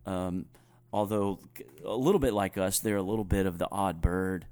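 A man from North Carolina with a softened Southern accent, a pastor chatting thoughtfully and often restarting his sentences. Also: deep voice, normal speed. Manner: thoughtful, restarts often, chuckles while telling stories. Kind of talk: conversational podcast chat.

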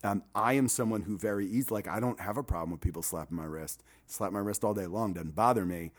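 A man's voice: fairly low pitch, fast talker. A man, likely in his thirties, talking reflectively and earnestly as a men's ministry leader in a casual chat.

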